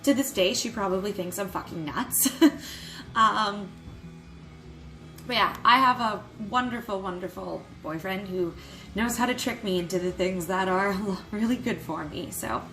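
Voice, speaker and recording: A young adult woman telling a personal story to camera in a vlog, candid and quick to swear, with nervous little laughs. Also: mid-range voice, bright, forceful tone, soft background music, rough recording. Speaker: vlogger.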